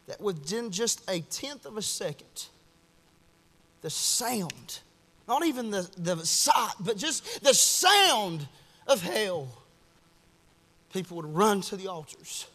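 Young preacher, bright and ringing, impassioned delivery with a long church echo. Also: male voice, high-pitched. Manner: impassioned, swings from shouting to hushed. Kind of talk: fiery sermon. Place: church at a Wednesday night service.

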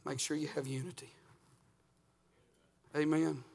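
Fiery preacher, echoing hall. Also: male voice, fairly high pitch, little pitch movement, measured pace, vocal fry. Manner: swings from hushed to shouted preaching. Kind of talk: fiery revival sermon. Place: church sanctuary.

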